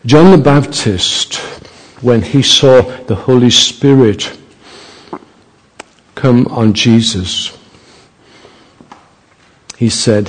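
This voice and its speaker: A man preaching a sermon as a visiting speaker in a church, slow and emphatic, building to fervent climaxes. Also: medium pitch. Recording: reverberant church hall.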